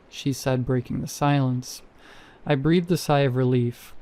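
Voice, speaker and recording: A man narrating a first-person horror story in a measured, suspenseful way. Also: medium pitch, fairly even intonation, mellow.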